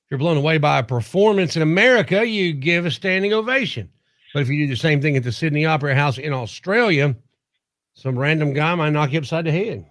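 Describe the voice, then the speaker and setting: A man's voice: on the high side, lively intonation, fairly quick, a bit bright, no room sound. A man co-hosting a casual radio show from a studio, joking and telling news stories in a self-deprecating way. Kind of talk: casual morning radio banter. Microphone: studio mic.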